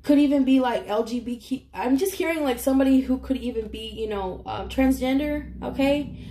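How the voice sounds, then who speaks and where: Tarot reader, woman, fairly high voice, earnest and emotional, casual swearing, roomy sound. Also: brisk, mellow. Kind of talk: casual tarot reading to camera. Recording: echoey room.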